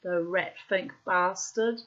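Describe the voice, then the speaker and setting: A woman's voice: fairly low pitch, slow pace. Blunt, salty woman telling tales. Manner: blunt, salty, swears freely; animated, acts out quotes loudly. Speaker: storyteller. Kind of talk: personal anecdote monologue. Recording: muffled lo-fi recording.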